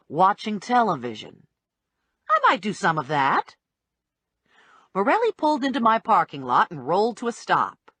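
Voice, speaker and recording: A woman reading a first-person audiobook with wry, deadpan humor. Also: medium pitch, normal speed, pauses often, breathy edge, dry recording. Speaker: audiobook narrator.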